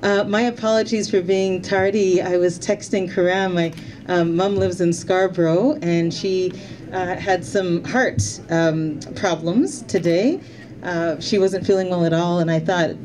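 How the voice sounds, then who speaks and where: Heartfelt woman politician, dark warm voice. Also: fairly low pitch, moderate pace, a little hiss or hum. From Canada. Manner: heartfelt, repeats her thanks, a little emotional. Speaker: member of parliament giving thanks. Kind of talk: emotional thank-you speech at an event.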